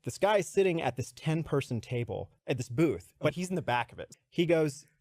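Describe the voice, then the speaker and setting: A man casually telling a work anecdote in a studio, animated and laughing as he goes. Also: fairly high pitch, brisk, no echo. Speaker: podcast storyteller.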